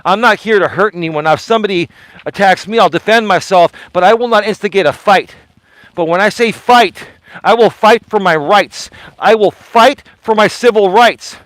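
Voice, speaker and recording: Walking outside in the cold, a vlogger livestreams with his phone on a selfie stick, talking directly to someone. His high, fairly bright voice moves at a normal speed, and the recording is dry and close with no room sound, but poor in quality. He's emphatic and keeps repeating his points.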